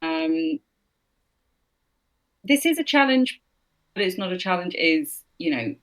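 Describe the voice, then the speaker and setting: A woman's voice: medium pitch, big pitch swings, slow, vocal fry. A woman voice actor, a guest in an interview, chatting casually and telling anecdotes with restarts. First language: English. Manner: chatty storyteller, frequent restarts and laughs.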